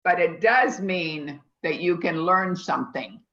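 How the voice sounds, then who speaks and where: In an online class lecture held over video call, a culinary instructor talks with rambling emphasis in a teacherly style. Her voice is on the low side and fairly bright, at a measured pace, captured in echoey, dull lo-fi sound.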